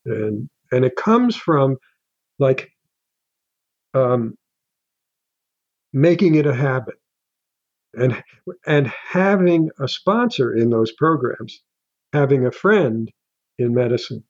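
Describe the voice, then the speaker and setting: An older man speaking as a guest author in an interview, halting and restarting often as he talks. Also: mid-range voice, lively intonation, no room sound, lo-fi sound. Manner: halting, with many restarts and fillers. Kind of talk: casual interview talk.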